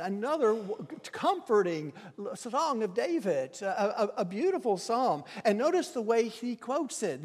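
High-voiced preacher in an echoing hall. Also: male voice. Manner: impassioned, swings from hushed to loud crying out. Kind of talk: sermon. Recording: long reverb of a hall.

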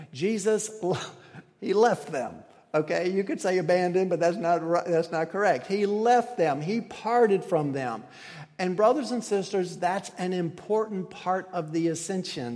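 Male preacher with a raised voice in a reverberant hall. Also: fairly high pitch. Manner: conversational preaching with restarts and soft laughs. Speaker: pastor. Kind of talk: sermon.

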